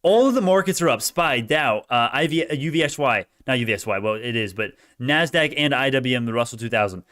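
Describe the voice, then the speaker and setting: Chatting with his viewers during live stock commentary, this man speaks fairly quickly in a medium-pitched voice with lively intonation. He shifts between mumbling and loud cheers, pushes back on comments, and laughs a lot.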